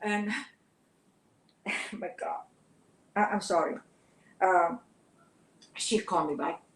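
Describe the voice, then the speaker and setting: An older woman from Vietnam with a Vietnamese accent, a guest telling her life story in an interview, earnest and halting, often repeating words. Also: medium pitch, fairly bright tone. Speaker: guest, actress. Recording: roomy echo.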